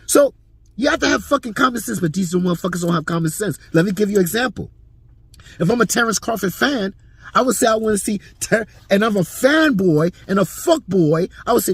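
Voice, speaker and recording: A man's voice: sits high, lively intonation, fairly quick, gravelly, slightly rough, dry recording. A man hosting his own boxing channel, ranting hotly and swearing constantly. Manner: heated, profane, ranting. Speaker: boxing commentary channel host. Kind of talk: profane boxing opinion rant.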